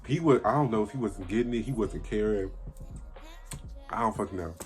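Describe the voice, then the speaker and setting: A man's voice: lowish voice, fairly quick, soft background music. An eighteen-year-old man casually telling a story to camera, blunt and profane, acting out what people said. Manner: blunt, profane, acts out quoted dialogue. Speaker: vlogger.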